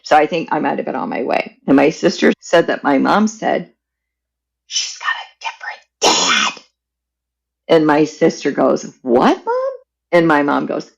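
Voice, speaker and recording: A woman guest on a podcast, telling a personal family story in a candid, animated way. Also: sits low, vocal fry, slightly rough, low-quality recording.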